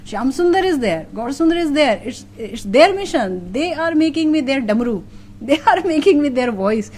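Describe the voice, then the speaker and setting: A middle-aged Indian woman speaks in a slightly high voice, answering interview questions as a spiritual teacher. She talks earnestly and with feeling, often pausing on fillers and breaking into soft laughs. A faint hiss sits under her voice. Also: lively intonation.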